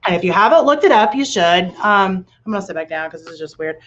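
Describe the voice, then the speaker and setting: A woman's voice: medium pitch, expressive, fast, muffled recording, a crowd in the background. A middle-aged woman from Tennessee hosting a podcast, telling stories in a loose, rambling way with many fillers. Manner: rambling, filler-heavy storytelling. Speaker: podcast host. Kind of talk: casual podcast chat.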